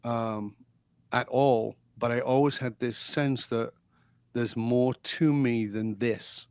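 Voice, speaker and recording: A middle-aged Englishman with a smooth, mid-range voice speaks slowly and without echo. As a podcast guest in a storytelling interview, he recounts his life with animation, acting out lines he remembers.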